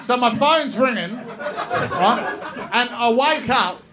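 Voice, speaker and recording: A man's voice: very high voice, animated, slow, crowd noise. A man, a comedian guest on a podcast, telling a long rambling anecdote with swearing and laughs between phrases. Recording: noisy podcast recording.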